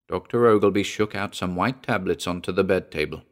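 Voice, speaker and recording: Low-voiced man reading a story aloud. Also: fairly quick, few pauses. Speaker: audiobook narrator.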